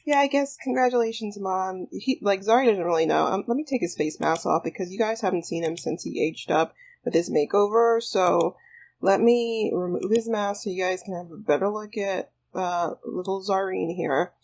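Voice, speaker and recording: A woman's voice: lowish voice, moderate pace, a little mellow. A woman hosting a life-sim game playthrough, talking through it in a bubbly, chatty way. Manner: bubbly, chatty, lots of fillers. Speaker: gaming video host. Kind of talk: casual let's play commentary.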